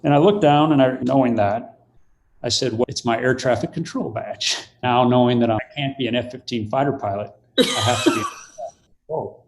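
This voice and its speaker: A man's voice: mid-range voice, fairly quick. An older man, a podcast guest, telling a story in conversation and acting out the quoted voices.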